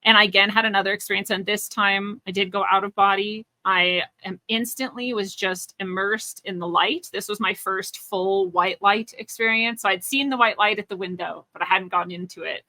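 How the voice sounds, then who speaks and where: Bright-voiced woman telling a personal story. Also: medium pitch, fairly even intonation, normal speed, hardly any pauses, no echo. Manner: earnest and searching, many restarts and fillers. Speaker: interview guest, spiritual teacher.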